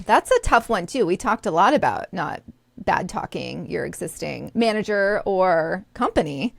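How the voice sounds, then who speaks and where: A woman co-hosting a podcast, chatting casually in an upbeat way, quick to laugh and asking the questions. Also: fairly low pitch, big pitch swings, gravelly, no room sound. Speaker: podcast co-host.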